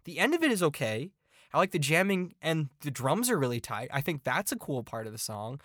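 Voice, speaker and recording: A man's voice: a little high, very animated, brisk, fairly bright tone, dry recording, studio quality. A man hosting a podcast and giving a casual album review. He talks bluntly and swears a lot, and his exasperation comes out in repeated complaints. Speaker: podcast host.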